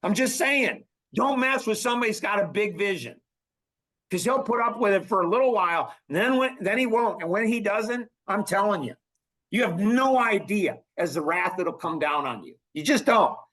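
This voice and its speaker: A man's voice: sits high, normal speed. Emphatic older man hosting a podcast. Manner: emphatic and animated, swinging between loud and hushed. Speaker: podcast host. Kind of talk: casual podcast talk.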